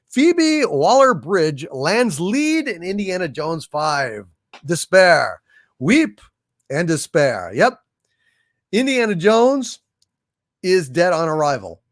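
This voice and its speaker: A man chats loosely on a livestream, answering viewer messages as he reads them. His voice sits a little high for a man, and he stumbles through fillers and repeated words, cursing freely when he gets worked up. The sound is dry, with no room echo. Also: very animated, slow pace. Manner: rambling with many fillers and restarts, swears when ranting. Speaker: livestream host reading viewer super chats. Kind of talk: casual live-stream chat.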